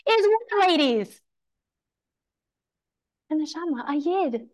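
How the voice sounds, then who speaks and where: A married woman teaching a Torah class to women, telling a story in a lively way and acting out the quotes. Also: high-pitched, takes it slowly. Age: adult. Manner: animated storytelling, acts out quotes.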